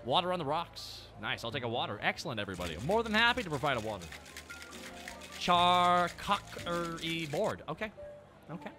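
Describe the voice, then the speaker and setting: A streamer, a man, chats with his audience in a bouncy, animated way, swinging his voice up and down as he jokes. His voice sits a bit high for a man, and music plays steadily behind him. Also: very fast. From Canada. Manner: animated, joking, riffs with chat. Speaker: VTuber streamer. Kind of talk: casual live-stream chat.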